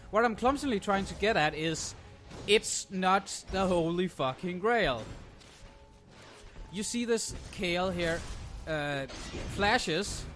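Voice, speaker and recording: A young man talks over a replay of his match in a slightly high voice, sarcastic and prone to ranting, with curses dropped in freely. Faint game music plays behind him on a desktop mic. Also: lively intonation, takes it slowly, fairly bright tone. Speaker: gameplay commentator. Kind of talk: casual game commentary.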